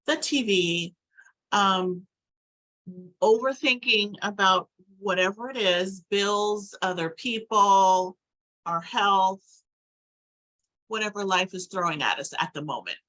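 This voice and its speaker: A woman's voice: mid-range voice, bright, forceful tone, poor audio. A woman giving a casual, rambling spiritual talk to camera, now and then acting out little quoted asides. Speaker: spiritual vlogger.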